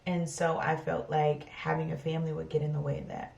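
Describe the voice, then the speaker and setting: A woman's voice: deep voice, flat delivery, brisk, vocal fry, darkish tone, lo-fi sound. A woman in her thirties chatting casually to camera in a vlog, rambling with lots of fillers. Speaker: vlogger. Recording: roomy sound from far off.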